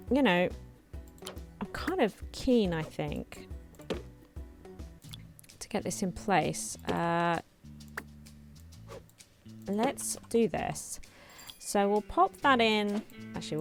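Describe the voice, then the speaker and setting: A woman hosting a let's play, chatting casually and thinking aloud as she builds, her voice slightly hoarse. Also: medium pitch, lively intonation, slow pace, pauses often, soft background music. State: slightly hoarse, clearing throat. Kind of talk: casual gameplay commentary.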